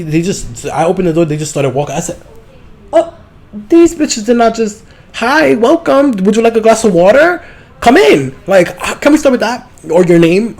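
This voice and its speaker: A man hosting his own podcast, telling rambling, profane stories. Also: a little high. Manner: rambling, profane, animated storytelling. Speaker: podcast host. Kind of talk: casual solo podcast monologue.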